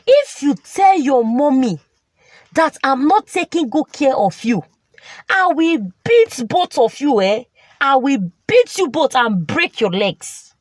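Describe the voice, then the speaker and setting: A woman voicing a bitter newlywed woman who scolds and whines in a high, shrill voice. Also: very animated, slow pace, dry recording, heavily acted. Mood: threatening.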